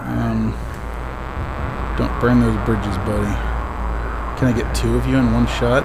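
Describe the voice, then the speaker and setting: A man streaming a game with casual, joking commentary. His voice sits at a middle pitch with a gravelly, fry-edged texture, and he chats freely, even talking back to the ghosts on screen. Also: measured pace, pauses often, heavy background noise. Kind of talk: casual let's-play commentary.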